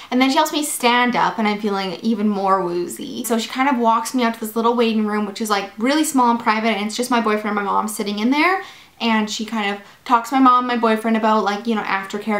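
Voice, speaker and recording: Young woman, casual vlog storytelling, fairly high voice, roomy echo. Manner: chatty, animated, lots of fillers. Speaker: vlogger.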